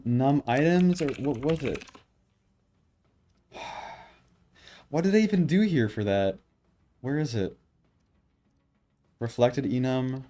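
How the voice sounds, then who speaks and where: A programmer streaming his work talks to himself while he codes, muttering, swearing, and grumbling in exasperation in a casual think-aloud session. His voice is male, mid-range, and mellow. Keyboard typing and faint music sit in the background.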